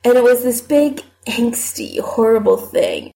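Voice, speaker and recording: Lady reading as a tired miserable guy, short flat answers, slow. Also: on the high side, heavily acted. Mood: upset. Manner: flat, subdued, terse. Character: glum, weary young man, miserable and blunt. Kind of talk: audiobook character voice.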